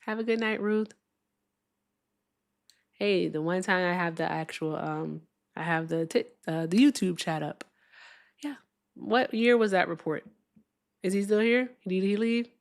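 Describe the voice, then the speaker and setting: A woman's voice: fairly low pitch, measured pace, gravelly, pauses often. Emphatic woman streaming live. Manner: animated, emphatic, swears, stretches words for emphasis. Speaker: livestream political host.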